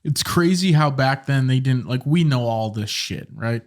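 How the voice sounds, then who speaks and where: A young man with a mid-pitched voice, trading quick jokes in a relaxed podcast chat. He riffs on odd ideas and plays off the others. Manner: joking, riffing with quick comebacks. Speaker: podcast co-host. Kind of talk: casual chat.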